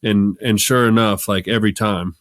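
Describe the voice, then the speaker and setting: A man co-hosting a recovery podcast, talking in a relaxed way and acting out quick exchanges with a chuckle. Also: lowish voice, no echo, studio quality. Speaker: podcast co-host. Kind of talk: casual recovery podcast talk.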